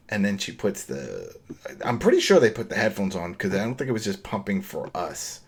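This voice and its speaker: A man's voice: fairly low pitch, wildly swooping pitch, a little fast, gravelly, breathy edge. A man co-hosting a podcast, recapping a TV episode in casual chat, rambling and acting out the characters' lines. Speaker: podcast co-host.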